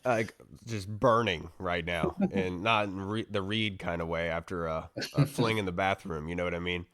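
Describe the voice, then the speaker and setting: A man's voice: low voice, normal speed, fairly bright tone, clear, resonant tone, dry recording, studio quality. A man hosting a casual sports podcast, rambling through game analysis and banter. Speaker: podcast host.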